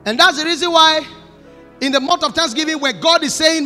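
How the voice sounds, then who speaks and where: A man with a Nigerian accent preaching in a large church, moving between Pidgin asides and shouted prophecy. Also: extremely high pitch, animated, moderate pace, in a large hall, faint music behind. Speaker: pastor. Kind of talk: sermon.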